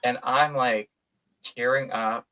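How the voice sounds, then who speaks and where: Bright-voiced animated young man chatting. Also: mid-range voice, slow pace. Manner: animated, laughs often, acts out his own reactions. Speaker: podcast co-host. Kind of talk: casual chat.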